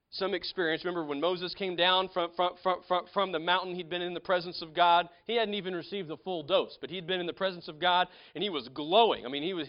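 A man with a fairly high voice preaches in a casual, conversational way, stumbling over restarts. He leans hard into key points, then drops to near-whispered asides. The sound is dull and lo-fi. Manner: swings between loud emphasis and quiet asides. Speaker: pastor. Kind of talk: sermon.

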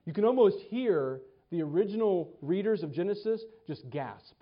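A man preaching a sermon in an animated way, stumbling over and repeating words and acting out the quotes he reads. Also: high-pitched, normal speed, few pauses. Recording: dull lo-fi sound.

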